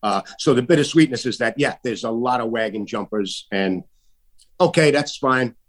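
A man talks in a loose, emphatic way, his pitch sitting in an ordinary middle range. He swears freely and throws his voice up high whenever he mocks someone else. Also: normal speed. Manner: emphatic, swearing, voice jumps high when mimicking others. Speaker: artist guest. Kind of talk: casual political chat.

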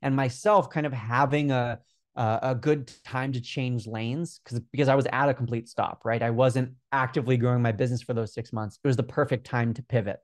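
A man's voice: mid-range voice, brisk, no echo. Earnest young man, dry close sound. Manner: energetic, earnest, many fillers. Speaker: guest, Instagram growth coach. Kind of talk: casual interview talk.

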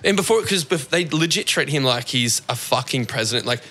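A young Australian man, a podcast guest, telling a story in a rambling, sweary, animated way. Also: medium pitch, brisk. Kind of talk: casual storytelling chat.

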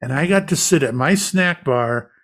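A man guest in an interview, a medium, recounting an experience as a lively anecdotal storyteller. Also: fairly high pitch, moderate pace.

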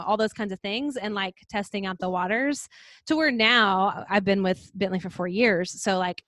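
A woman talking casually as a podcast guest, upbeat and chatty, her sentences full of little fillers. Her voice sits at a middle pitch and sounds close and dry, with no room around it. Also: a bit bright, dry recording. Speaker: guest, yoga and meditation coach. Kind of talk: casual interview chat.

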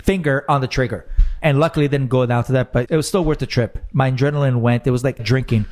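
A man on a podcast telling a story in a casual, animated way, swearing and laughing as he goes. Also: mid-range voice, quick pace. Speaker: podcast guest.

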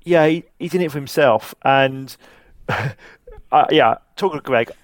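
A man's voice: mid-range voice, measured pace, dry recording. A man hosting a casual podcast chat about a television drama, agreeing often and talking with many fillers. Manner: chatty, agreeing, filler-heavy. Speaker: podcast host.

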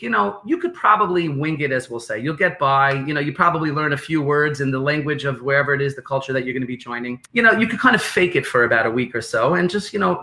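Fast, bright-voiced New York man. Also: on the high side. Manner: animated, repeats phrases, acts out quotes. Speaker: guest, business consultant. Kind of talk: podcast interview explanation.

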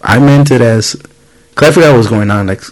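A man's voice: mid-range voice, a little fast, low-quality recording. Casual swearing man telling a story. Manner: storytelling, swears freely, acts out quoted voices. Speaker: podcast host. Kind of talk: casual chat.

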